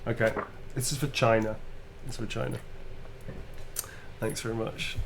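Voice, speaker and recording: A man hosting a livestream in a loose, sweary, rambling way. His voice sits at a middle pitch. A faint noise hums under the recording. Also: flat delivery, moderate pace, creaky. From England. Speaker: livestream host. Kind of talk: casual chat.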